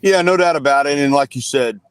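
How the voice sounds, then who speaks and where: A man's voice: medium pitch, brisk, smooth. A man, talking sports as a guest with earnest, filler-heavy analysis. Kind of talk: casual sports talk.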